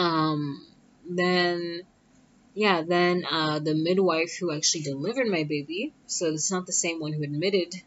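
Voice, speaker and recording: Young woman, casual storyteller, chatty, lowish voice, muffled lo-fi audio. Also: a little hiss or hum. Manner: chatty, acts out quoted voices higher. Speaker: vlogger telling a birth story. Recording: dull lo-fi sound.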